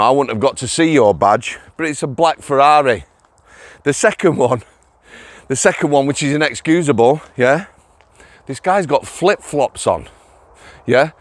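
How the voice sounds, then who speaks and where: A man's voice: medium pitch, dry recording. A middle-aged man, chatting to viewers on an outdoor walking vlog, laughing and addressing them directly. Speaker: vlogger, former prison officer. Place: outdoors on a walk.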